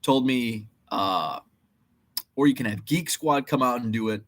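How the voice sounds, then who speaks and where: A man's voice: medium pitch, measured pace, fairly bright tone. A man in a casual vlog, retelling his errands in a rambling, exasperated way with lots of fillers. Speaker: eBay reseller and channel host.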